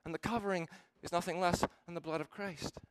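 A man preaching a sermon, earnest and emphatic, slowing down to stress the verses he quotes. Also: high-pitched, fairly even intonation.

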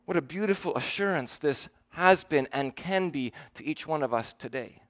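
Preacher, male, fairly high voice, earnest and emphatic sermon delivery. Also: animated. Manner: earnest, emphatic, with slow stressed quotes.

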